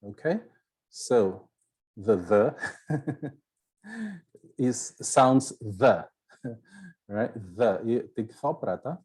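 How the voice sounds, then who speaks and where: A man's voice: mid-range voice, big pitch swings, a little mellow, slightly rough. A man with a Brazilian Portuguese accent, a native Portuguese speaker, teaching an English video lesson and often checking in with "right?" and "okay?". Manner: explaining slowly, with frequent "right?" and "okay?" checks.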